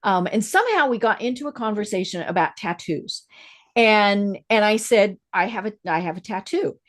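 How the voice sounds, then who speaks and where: A woman's voice: medium pitch, moderate pace. Frank woman podcast host. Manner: frank, personal, steady listener. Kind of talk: casual podcast conversation.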